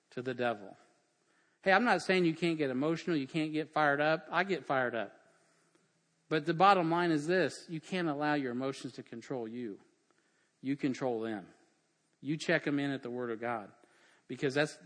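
A middle-aged man preaching with punchy emphasis, firing off rhetorical questions at his congregation. His voice sits a little higher than most men's, and it rings out with a long reverb from the church hall around him. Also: fairly bright tone. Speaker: pastor. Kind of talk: sermon.

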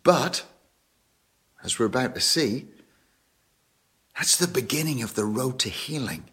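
A man with a husky, slightly breathy voice, speaking in a reflective, pastoral way. His pitch moves a lot, rising and falling expressively as he draws out the lesson. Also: expressive, a little slow, pauses often, fairly bright tone. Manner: thoughtful, affirming listener. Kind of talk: reflective commentary.

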